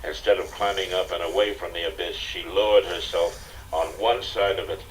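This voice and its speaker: An older man narrating an audiobook in a steady, dramatic storytelling manner, on a distant, hissy cassette recording. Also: low-pitched, moderate pace. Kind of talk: scripted narration.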